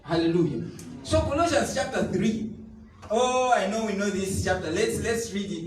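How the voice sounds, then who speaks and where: A man's voice: high voice, lively intonation, moderate pace, far from the mic. A man preaching a sermon, emphatic and repetitive, now and then breaking into tongues or sung phrases. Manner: emphatic, repeats key phrases, bursts into tongues and sung lines. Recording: echoey room, voice somewhat off the mic, faint noise.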